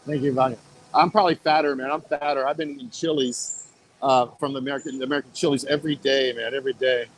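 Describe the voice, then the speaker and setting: A man's voice: mid-range voice, steady tone, fast talker, slight background noise, poor audio. Rambling, mocking male streamer. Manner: repetitive, mocking, swearing. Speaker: live streamer. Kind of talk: rambling live-stream chat. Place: outdoor city street.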